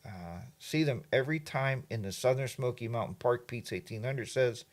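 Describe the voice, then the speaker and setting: A man's voice: mid-range voice, normal speed. A middle-aged man hosting a livestream, telling a rambling story and reading out chat comments, with lots of fillers and asides. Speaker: livestream host.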